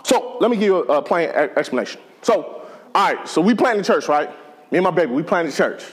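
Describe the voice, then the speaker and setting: A man's voice: fairly high pitch, lively intonation, fast, breathy edge. A man preaching a sermon in a conversational, joking way to a church congregation. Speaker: pastor.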